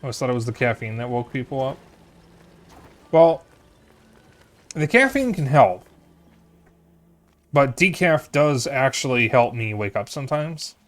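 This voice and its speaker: A man's voice: medium pitch, a little slow, long pauses. Drowsy man streaming a game. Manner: relaxed, chatty, swears offhandedly. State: drowsy, yawning. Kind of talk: casual gameplay commentary. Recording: voice over faint game music.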